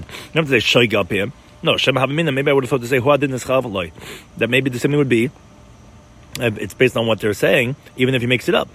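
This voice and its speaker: Guy teaching talmud really fast, kinda husky voice, keeps repeating words. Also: medium pitch, fairly bright tone. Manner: rapid, mixes Hebrew-Aramaic terms with English, frequent repeated words. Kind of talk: Talmud class explanation.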